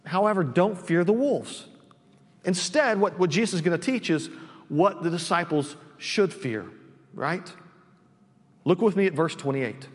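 A man's voice: sits high, lively intonation, unhurried, long pauses, long reverb tail. A man preaching a sermon as pastor, conversational, with frequent restarts and "right?" tag questions, recorded in a church. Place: church sanctuary.

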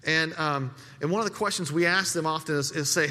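Pastor, male, high and bright voice, talks through his sermon casually with stuttered restarts, hall reverb. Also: fairly quick, few pauses. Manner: conversational preaching with frequent repeated words.

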